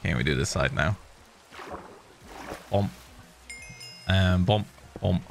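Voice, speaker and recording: A man's voice: deep voice, takes it slowly, creaky, a little hiss or hum. A man in his thirties chatting casually on a livestream, swearing freely and muttering little sound effects while he builds. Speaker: streamer.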